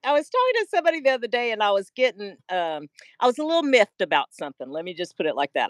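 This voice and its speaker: A Southern woman hosts a craft livestream and laughs a lot. Her pitch swings widely as she chats. The sound is dry and close-miked. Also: very fast, dry recording. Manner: warm, lively, laughs a lot. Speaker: livestream host. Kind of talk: casual livestream chat.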